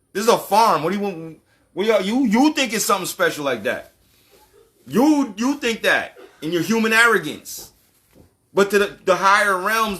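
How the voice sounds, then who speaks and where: A man's voice: high voice, pushed and bright. A man giving a casual, profane monologue as a channel host, ranting animatedly and laughing often.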